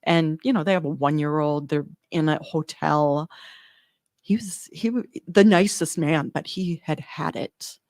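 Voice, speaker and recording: A woman working in newborn care, earnestly telling an animated story in an interview, acting out the dialogue. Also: low voice, measured pace, dry recording, studio quality. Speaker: neonatal medical provider, guest.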